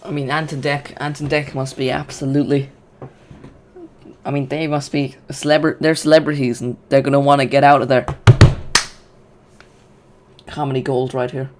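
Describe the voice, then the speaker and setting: A man hosting a live football watch-along, chatty and excitable, often restarting his sentences. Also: mid-range voice, normal speed, pauses often, slight background noise.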